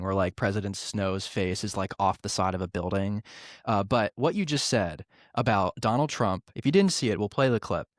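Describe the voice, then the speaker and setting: A man's voice: fairly low pitch, dry recording, clean studio sound. A man co-hosting a political commentary show, exasperated and mocking, swearing casually.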